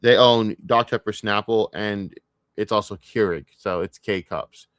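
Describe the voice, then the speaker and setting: A man's voice: lowish voice, a little slow, fairly bright tone, no echo. A man streaming his reaction to a video, scornful and swearing heavily as he rants. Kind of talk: profane ranting commentary.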